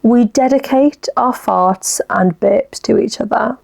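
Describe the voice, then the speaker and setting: A young woman hosts a solo podcast, chatting casually and giggling as she reacts to listener messages. Her voice is a little high with a darkish tone and vocal fry, and she takes it slowly.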